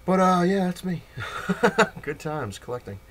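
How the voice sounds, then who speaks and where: A man's voice: sits high, very animated, brisk. Rambling man telling a story. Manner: rambling, frequent restarts and fillers, wry laughs. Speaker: vlogger telling a childhood story. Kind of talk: casual storytelling monologue.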